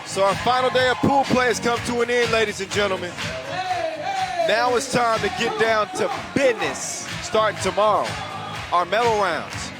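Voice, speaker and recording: A man doing live play-by-play commentary, hyped and shouting his calls, out of breath after a long day. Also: high-pitched, moderate pace. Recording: loud music and crowd behind.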